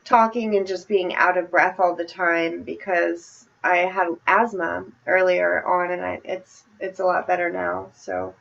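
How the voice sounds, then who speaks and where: Slow, soft-spoken woman on a call. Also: fairly low pitch, level tone, gravelly, lo-fi sound. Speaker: workshop participant. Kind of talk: sharing in a group call.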